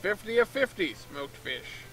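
A man commentating on a game he is playing, with excited, mock-indignant quips. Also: high-pitched, unhurried, slight background noise, low-quality recording. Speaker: gamer. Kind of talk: let's play commentary.

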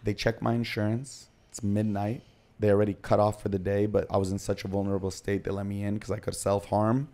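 A man sits in as a podcast guest and tells his own story in clipped, confessional bursts. His voice sits low, with little rise and fall in pitch. His tone is dark and mellow. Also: level tone, fairly quick. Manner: confessional, retelling events in short present-tense bursts.

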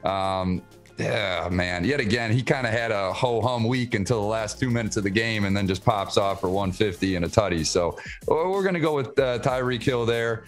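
A man co-hosting a casual sports podcast, teasing and excitable, often laughing. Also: fairly low pitch, moderate pace, soft background music. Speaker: podcast co-host.

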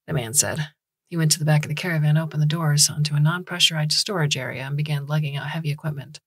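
A woman reads a story aloud in a measured, even way. Her voice sits low and husky, and the recording is close and dry with no room sound. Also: dry recording. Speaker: podcast story narrator. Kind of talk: scripted audiobook narration.

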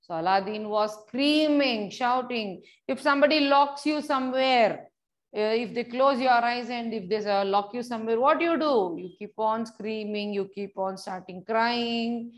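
A woman's voice: on the high side, moderate pace. A woman teacher, reading a story aloud to young children and explaining each word simply. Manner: repeats and explains words simply, addresses children directly.

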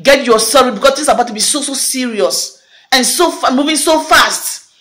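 A woman with a somewhat high voice delivers a prophetic declaration straight to her video audience. She speaks fervently and repeats each blessing several times. At the climaxes her voice rises even higher. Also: a little fast. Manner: fervent, repetitive, declaring phrases again and again. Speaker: prophetic minister.

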